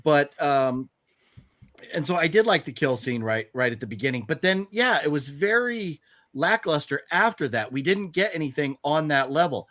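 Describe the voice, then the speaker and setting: A man's voice: a little high, expressive, moderate pace, a bit bright. A man hosting a casual bad-movie podcast, rambling and ranting with profanity and mocking scenes. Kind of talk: casual chat.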